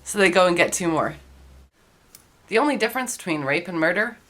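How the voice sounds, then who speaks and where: A woman host telling rapid-fire dark one-liner jokes in a deadpan delivery. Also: fairly low pitch.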